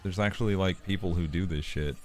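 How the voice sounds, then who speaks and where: A man's voice: deep voice, fairly quick, soft background music. A man streaming live and chatting casually, laughing often while reading chat aloud and swearing now and then. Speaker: streamer and animator.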